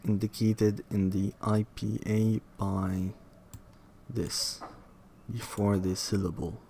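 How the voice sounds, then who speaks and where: A man reading aloud from a linguistics textbook, halting, restarting words and questioning the text as he goes. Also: fairly low pitch, little pitch movement, gravelly, dark tone, slight background noise. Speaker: reader studying a linguistics textbook. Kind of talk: reading aloud with self-commentary.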